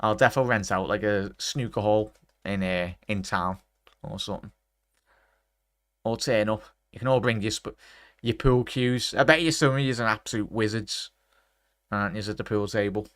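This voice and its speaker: A man, chatting to his live chat during a football watchalong and breaking into excited shouts at big chances. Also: on the low side, normal speed, no echo. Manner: talks straight to his chat. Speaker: watchalong streamer.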